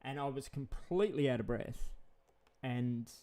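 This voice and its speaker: A man talks casually in a vlog, drifting from one thought to the next. He repeats words and chuckles often, and his voice sits at a middle pitch. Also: measured pace, dark tone, slight background noise. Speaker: vlogger. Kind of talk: casual rambling monologue.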